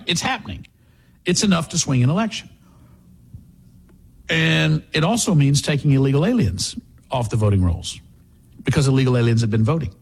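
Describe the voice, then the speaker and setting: A man hosting a radio talk show, giving sarcastic, animated political commentary. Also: mid-range voice, breathy edge.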